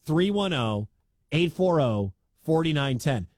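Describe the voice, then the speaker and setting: Animated male sports radio host. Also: on the high side, takes it slowly, dry recording. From Midwestern US. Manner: animated, conversational, emphatic.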